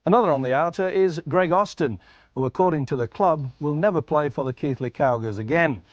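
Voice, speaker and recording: A man's voice: a little high, a little fast, no room sound, lo-fi sound, soft background music. A man talking as a sports pundit, cheeky and laughing.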